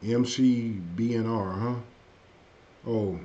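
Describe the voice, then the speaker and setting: A man hosting a casual live stream, chatting loosely with viewers and saying his energy is low tonight. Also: fairly even intonation, slow, mellow. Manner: loose and conversational, frequent "hey" and "you know what I mean". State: a bit under the weather, low energy. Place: at home. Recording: dull lo-fi stream audio.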